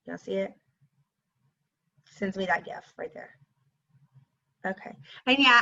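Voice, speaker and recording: A woman's voice: medium pitch, normal speed, pauses often, sharp tone, highs cut off. A woman telling a story to her viewers in a sarcastic, indignant rant. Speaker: vlogger.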